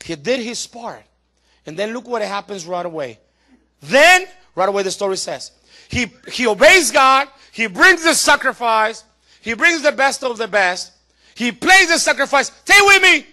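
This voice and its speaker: A man preaching a sermon as pastor, urging his congregation to pay attention and rising to loud emphasis. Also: very high-pitched, lively intonation, moderate pace.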